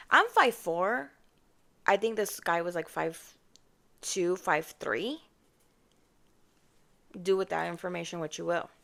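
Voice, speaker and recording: A woman's voice: fairly low pitch, creaky, fairly bright tone. A young woman telling a storytime to her viewers on her own mic, chatty and sassy, often mimicking other people in mock voices. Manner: sassy, addresses viewers as babes and y'all. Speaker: vlogger. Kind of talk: casual storytime monologue. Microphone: personal microphone.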